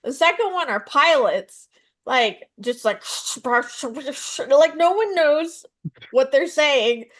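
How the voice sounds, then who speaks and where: Animated, storytelling woman comedian. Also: sits high, slow. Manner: animated storytelling, acts out voices in her jokes. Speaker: stand-up comedian and psychotherapist. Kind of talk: conversational interview answers.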